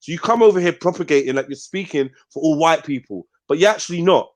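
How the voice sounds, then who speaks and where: A man hosts a heated live debate, with a voice sitting a little higher than most men's. He is confrontational and profane, pressing his points and finishing them with a challenging "yeah?". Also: expressive, quick pace. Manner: confrontational, swears a lot, keeps tagging "yeah?". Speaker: host.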